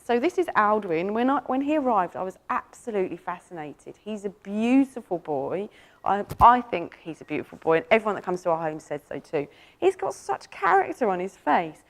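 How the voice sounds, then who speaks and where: An animal communicator, giving a lively, enthusiastic presentation and telling stories about pets to an audience. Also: female voice, moderate pace. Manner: animated, enthusiastic storytelling with sudden jumps up in pitch.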